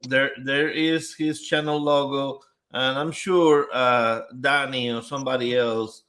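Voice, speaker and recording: A man's voice: medium pitch, steady tone, a little slow, fairly bright tone. A man hosting a live stream in a casual chat style, greeting viewers one by one and reading out their comments. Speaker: livestream host.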